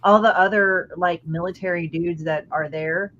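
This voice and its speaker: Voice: medium pitch, steady tone, moderate pace, fairly bright tone, dull audio, slight background noise. A person chatting casually, loose and full of fillers, swearing freely. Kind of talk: casual chat.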